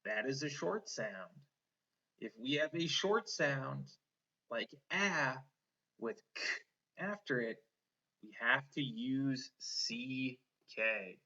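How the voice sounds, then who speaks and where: Patient male spelling teacher, bright voice. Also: mid-range voice, highs cut off. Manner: patient, encouraging, sounds words out slowly. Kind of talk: one-on-one spelling lesson.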